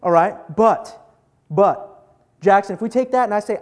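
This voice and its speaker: A young man preaching a casual, joking sermon to a live group, talking animated and conversational. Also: high voice, normal speed, long pauses.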